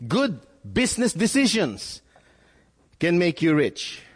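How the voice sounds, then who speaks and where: Animated male preacher in a reverberant hall. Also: high voice, takes it slowly. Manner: animated preaching with sudden rises and repeated words. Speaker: pastor. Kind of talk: sermon.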